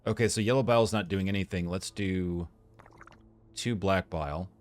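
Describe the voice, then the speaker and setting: In this let's play, the commentator has a low-pitched voice and a moderate pace, with slight background noise. He talks his way through a medical game, reading out symptoms, reasoning aloud, and cracking jokes at the characters.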